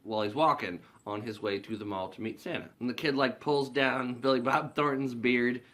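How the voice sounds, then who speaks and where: A man's voice: medium pitch, moderate pace, a bit bright. A man casually recapping a movie in a rambling way, swearing a lot and filling his sentences with "like". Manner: rambling, profane, heavy use of "like". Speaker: movie reviewer.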